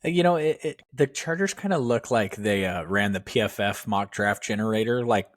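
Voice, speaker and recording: A man co-hosting a podcast who gives opinionated, wry sports takes in quick bursts of casual chat. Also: on the low side, no room sound. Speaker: podcast co-host.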